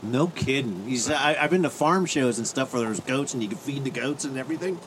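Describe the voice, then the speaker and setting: A man's voice: mid-range voice, animated, a little fast, fairly bright tone, slight background noise, rough recording. A man from Pennsylvania co-hosting a casual chat, easygoing and curious, asking questions. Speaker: co-host.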